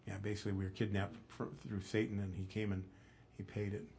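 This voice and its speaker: A man preaching an expository sermon, telling the story with animation and dropping low and soft for emphasis. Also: level tone, fast talker, a little hiss or hum. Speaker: pastor.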